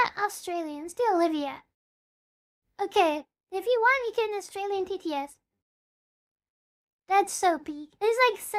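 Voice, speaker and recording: A woman VTuber chatting casually on a live stream, bubbly and talkative, dropping playful meows between sentences. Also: extremely high pitch.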